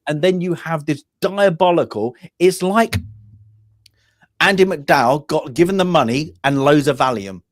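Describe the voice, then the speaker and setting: A man's voice: a little high, normal speed, dry recording, clean studio sound. A young man co-hosting a casual film review chat, opinionated and rambling with many restarts. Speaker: podcast co-host.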